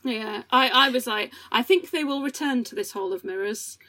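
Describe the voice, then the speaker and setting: A woman's voice: fairly high pitch, moderate pace, sharp tone. A woman co-hosting a casual chat, self-deprecating and reading her notes aloud. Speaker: podcast co-host.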